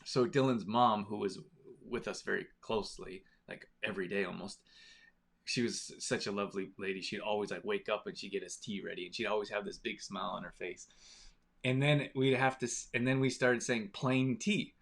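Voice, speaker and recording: A man's voice: on the low side, fairly even intonation, brisk, creaky, fairly bright tone. A man hosting a live stream, chatting casually with viewers and telling a rambling story. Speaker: live stream host reading viewer comments. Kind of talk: casual chat.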